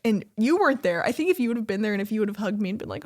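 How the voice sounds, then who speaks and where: A young woman co-hosting a casual couples podcast, chatty and quick to laugh as she tells stories. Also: mid-range voice. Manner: chatty storyteller, animated, laughs often. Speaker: podcast co-host. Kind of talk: casual chat.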